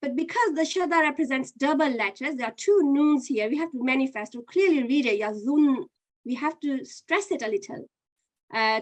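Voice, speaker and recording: A woman teaching an online Qur'an reading lesson, patiently explaining step by step and running a quiz. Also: high-pitched.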